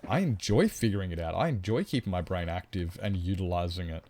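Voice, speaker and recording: A man's voice: sits low, lively intonation, fairly quick, background noise. A man livestreaming a game, talking casually and at length while answering his chat. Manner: rambling, chatty, explains at length; reads and answers chat comments.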